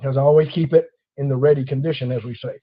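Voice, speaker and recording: Talking fast in a mid-range, slightly rough voice, a host recounts a long personal story in a casual talk. He's animated, performing the voices of the officers in it. The audio sounds dull.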